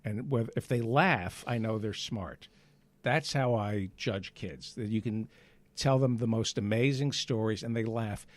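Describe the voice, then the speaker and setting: A man's voice: lowish voice, measured pace, dry recording. A man in his fifties, a guest comedian, chatting casually and cracking wry, self-mocking jokes.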